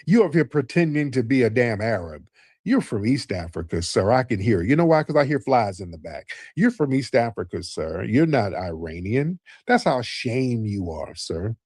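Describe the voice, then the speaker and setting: A man hosting a live call-in show, talking in a middle-pitched voice with a combative, mocking edge. He keeps throwing "sir" at the caller and slides into long, lecturing stretches. The recording is close and dry, with no room sound. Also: sing-song, moderate pace, a little mellow, husky, no echo. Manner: lectures at length in a storytelling way. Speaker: host.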